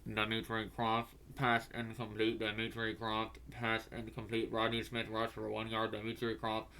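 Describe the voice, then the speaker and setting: A man imitating a stadium PA announcer, drawing out each call slowly. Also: fairly low pitch, monotone, pushed and bright, a little hiss or hum. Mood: announcing. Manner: drawn-out, deliberate calling.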